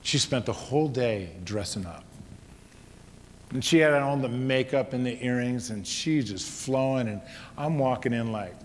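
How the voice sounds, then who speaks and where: A man's voice: medium pitch, a little slow. Dramatic male speaker in a reverberant hall. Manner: dramatic, shifting from loud exhortation to hushed tones. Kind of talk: storytelling talk. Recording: reverberant hall with faint noise.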